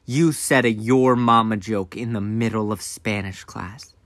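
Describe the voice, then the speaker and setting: A man's voice: lowish voice, steady tone, a little slow, no room sound, pitched below the performer's own voice, natural voice. A man voicing his own mother scolding her young son, in a stern questioning way, his tone dry and close to the mic.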